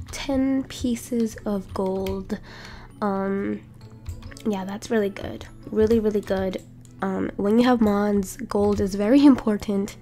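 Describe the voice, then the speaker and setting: A young woman doing excited let's-play commentary, gasping and repeating herself often. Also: mid-range voice, slow, faint music behind. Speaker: gaming YouTuber.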